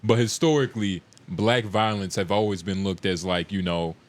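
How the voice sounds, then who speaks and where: A man's voice: on the low side, moderate pace. A man co-hosting a casual group podcast, speaking hesitantly with restarts and hedging asides. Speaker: podcast co-host.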